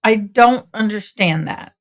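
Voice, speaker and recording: A woman's voice: medium pitch, unhurried. A tired woman, chatting casually and rambling to viewers on a home livestream. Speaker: livestream host commenting on a trial.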